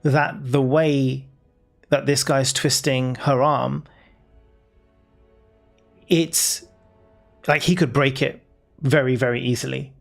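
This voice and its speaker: A man narrating as dungeon master in a casual tabletop game, laughing often and pausing with fillers. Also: medium pitch, fairly even intonation, vocal fry, faint music behind. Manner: laid-back, laughing, lots of fillers. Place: home, live stream.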